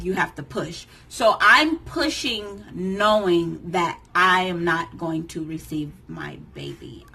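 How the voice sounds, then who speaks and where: A woman's voice: on the low side, slight background noise, poor audio. Emotional woman in her thirties telling a story. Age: 30s. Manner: emotional, animated retelling that acts out others' lines. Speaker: vlogger. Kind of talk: personal storytelling to camera.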